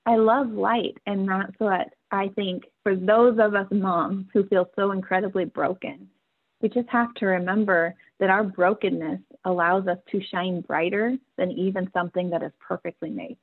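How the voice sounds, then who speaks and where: A woman's voice: medium pitch, fairly even intonation, normal speed. A woman in her forties, a podcast guest, telling a personal family story candidly, earnest and emotional, often laughing through her words. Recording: tinny phone-like line.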